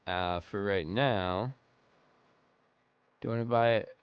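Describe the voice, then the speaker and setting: A man's voice: lowish voice, slow, smooth, no room sound, lo-fi sound. A man giving casual let's-play commentary, rambling and thinking aloud as he plays. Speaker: gameplay commentator.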